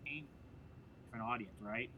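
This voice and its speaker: A man's voice: mid-range voice, moderate pace, bright, forceful tone, slight background noise. A man co-hosting a casual livestream chat, enthusiastic and calling people "dude" and "bro". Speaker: livestream co-host.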